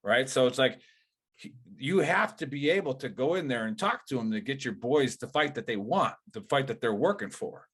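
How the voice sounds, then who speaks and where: A man's voice: medium pitch, lively intonation, moderate pace, fairly bright tone, slightly rough. A man hosting a casual veterans' podcast, talking in a rambling, profane way with many fillers and restarts. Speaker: podcast host.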